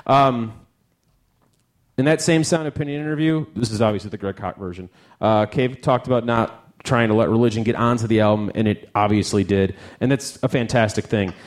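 A man's voice: lowish voice, a little fast. A man hosting a live music talk, joking and swearing as he discusses an album for an audience on stage. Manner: animated, swearing, jokey asides.

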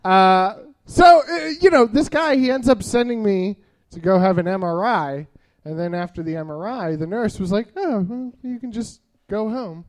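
Stand-up comic, man, early 30s, high voice, rambling and self-deprecating delivery. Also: expressive, moderate pace, hardly any pauses. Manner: rambling, self-deprecating, many filler uhs. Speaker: stand-up comedian. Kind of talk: stand-up storytelling.

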